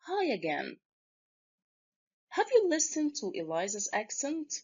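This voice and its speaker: A woman teacher narrating a recorded literature lesson, speaking deliberately and addressing her students directly. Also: fairly high pitch, huge pitch swings, darkish tone, slightly rough, muffled recording, faint music behind.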